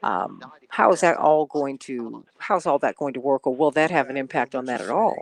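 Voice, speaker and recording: A woman's voice: a bass voice, expressive, normal speed, creaky, no room sound. A woman hosting a radio talk show, chatting casually and greeting listeners by name before the show. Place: radio studio.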